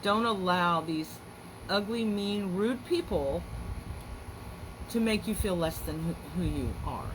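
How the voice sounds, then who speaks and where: A woman's voice: fairly low pitch, expressive, takes it slowly, background noise. A woman hosting a casual livestream, talking in an earnest, encouraging way. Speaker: host.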